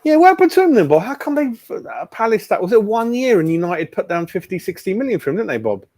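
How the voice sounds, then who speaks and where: A man's voice: high voice, very animated, quick pace, a little mellow, no echo. A man hosting a casual fan live stream, chatting bluntly and calling everyone mate. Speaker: fan channel host.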